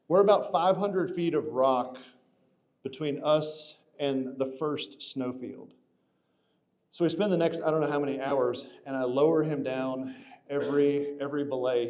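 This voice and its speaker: A man's voice: medium pitch, a little mellow. A man telling a long personal story in a casual, rambling way, full of restarts and fillers. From Atlanta area.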